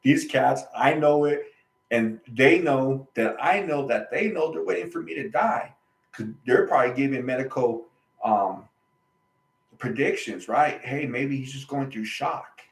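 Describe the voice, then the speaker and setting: A man tells his own story in an animated, emphatic way, doubling back and repeating key phrases. His voice sits at a middle pitch, and the room around him is roomy and echoey. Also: measured pace, vocal fry. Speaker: channel host. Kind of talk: personal storytelling monologue.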